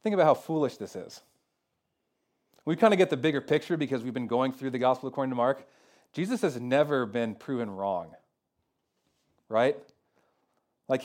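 A man preaching a sermon as pastor, talking casually with lots of "like" and "kinda," moving between loud emphatic peaks and quiet, low passages. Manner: conversational preaching with fillers like "kinda" and "like".

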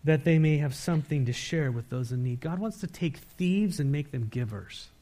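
A pastor preaching a sermon, reading scripture verses aloud and pressing the congregation with direct questions. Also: male voice, lively intonation, normal speed. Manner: swings between emphatic, louder lines and low, quiet asides.

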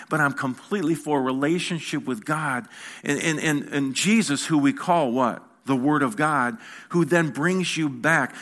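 Pastor preaching conversationally. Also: male voice, medium pitch, a bit bright. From United States. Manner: conversational preaching, rhetorical questions, repeats words. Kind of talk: sermon.

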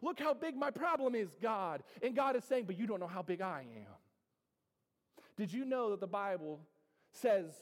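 A man preaching a sermon to his congregation, swinging from loud declarations to hushed, drawn-out lines. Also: sits high. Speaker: pastor. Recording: reverberant hall.

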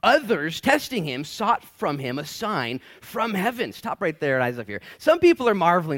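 A man's voice: on the high side, sing-song, fairly quick, hardly any pauses, a bit bright. A male pastor preaching a casual verse-by-verse sermon in a church, slangy and acting out quoted voices.

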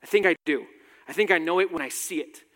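A man in his thirties, British-accented with a faint American edge, tells a personal story in a talk with dry, self-mocking humor. He talks fast in a highish, fairly bright voice, with long hall reverb on the recording.

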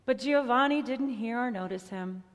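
A woman telling a storybook tale in an expressive, soft-edged manner, closing with a prayer. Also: a little high, moderate pace, big-room sound. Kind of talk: storybook reading ending in prayer.

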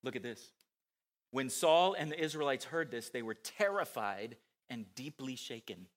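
Bright, animated male preacher. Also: mid-range voice, normal speed. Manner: animated, many rhetorical questions to the listeners. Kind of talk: sermon.

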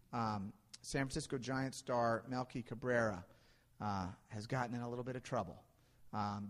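A man in his thirties preaching a sermon in a relaxed, anecdotal way, often pausing with ums and restarting his sentences. His medium-pitched voice rings out with a long reverb tail, as in a large church sanctuary. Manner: casual, anecdotal preaching with frequent fillers and restarts. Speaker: pastor.

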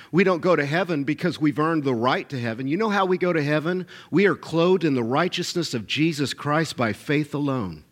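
Male pastor, middle-aged, high tenor, preaching with punchy repetition and call-outs to the crowd. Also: a bit bright. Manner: emphatic, repetitive, calls for audience responses. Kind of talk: sermon.

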